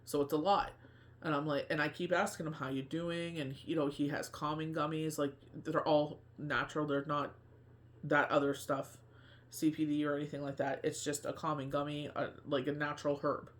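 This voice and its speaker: Earnest, rambling man with a higher voice. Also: flat delivery, a little fast, a bit bright. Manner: rambling, heavy with fillers and restarts; earnest and confiding. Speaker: tarot reader and medium. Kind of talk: casual personal monologue.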